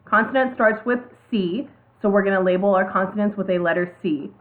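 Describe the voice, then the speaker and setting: Woman teacher, step by step, tinny audio. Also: medium pitch. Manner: slow, step-by-step, spells out letters. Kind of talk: classroom video lesson.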